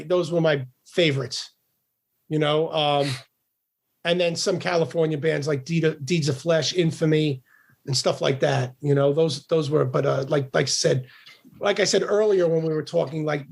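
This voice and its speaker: Gravelly, husky man talking shop. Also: a little high, normal speed, a little mellow. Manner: profane, rambling, repeats words. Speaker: guest musician. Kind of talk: casual podcast interview.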